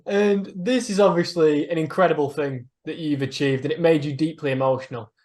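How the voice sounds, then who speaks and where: A man interviewing a fighter, speaking fluently and smoothly in well-formed lead-in questions. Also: on the high side, steady tone, brisk, a little mellow.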